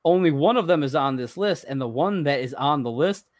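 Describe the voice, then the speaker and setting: A man's voice: a little high, animated, brisk, no room sound, clean studio sound. Man, podcast co-host, casual chat, reads from a list, rambling, chuckles.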